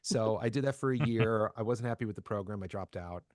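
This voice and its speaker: A man's voice: on the low side, a little fast, a little mellow, no echo, clean studio sound. A man from New Jersey, a voice actor guesting on a podcast, telling his story in a chatty, jokey, self-deprecating way. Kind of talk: casual storytelling interview.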